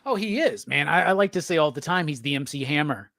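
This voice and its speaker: Animated, profane male podcast host. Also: fairly high pitch, quick pace, gravelly, no room sound. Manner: animated, profane, slangy, acts out quotes. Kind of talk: casual conversation about comics.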